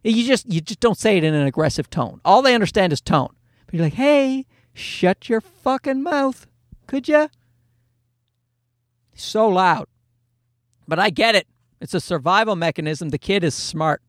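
A middle-aged man doing a stand-up comedy routine, telling an exasperated story about his kids with loud acted-out asides. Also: sits high, lively intonation, brisk, no room sound, studio quality.

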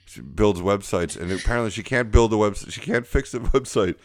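Low-pitched man, dry sarcastic podcast co-host, casual comic banter. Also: expressive, fairly quick, dry recording. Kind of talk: casual comedic chat.

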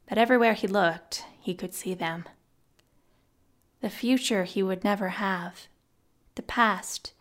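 Slow, measured woman narrating a story. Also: medium pitch. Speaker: audiobook narrator. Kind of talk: scripted narration.

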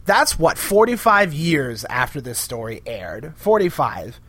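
A podcast co-host chats casually and jokingly acts out characters' lines in an animated way. His voice is a little high, slightly rough and a bit slow, recorded with no echo.

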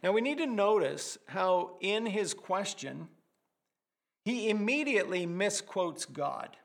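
A pastor preaching a sermon, animated and vivid, with vivid word pictures and humorous asides. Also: male voice, high-pitched, slow pace.

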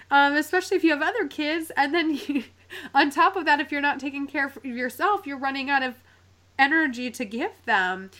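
A woman's voice: high-pitched, a bit bright. A woman hosting a podcast interview in a chatty, conversational way, full of "like" fillers. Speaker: podcast host.

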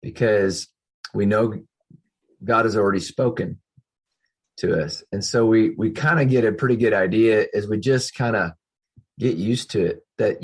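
A man's voice: fairly low pitch, a little slow, breathy edge. A man who hosts a church Q&A on a video call, talking earnestly and thinking aloud as he goes. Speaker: pastor hosting a Q&A. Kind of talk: casual discussion on a video call.

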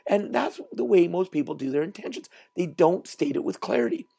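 A man hosting a solo motivational podcast, telling stories in an animated way and repeating words for emphasis. He is recording while traveling. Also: fairly high pitch, a little fast, vocal fry, husky. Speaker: podcast host and trainer.

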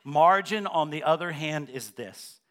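A man with a fairly high voice preaches a sermon as pastor in a church. He asks his listeners questions and builds to loud, emphatic repeated phrases. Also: lively intonation, a little slow. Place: church sanctuary.

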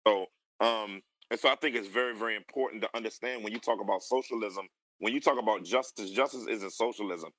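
A man's voice: on the low side, a little fast, a bit bright, no room sound, rough recording. A man speaking earnestly in a recorded interview, explaining his views step by step. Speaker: interview guest in a clip. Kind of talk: conversational interview.

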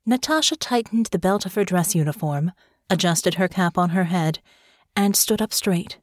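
Expressive woman narrating fiction. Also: lowish voice, moderate pace, no echo, studio quality. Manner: expressive storytelling. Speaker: audiobook narrator.

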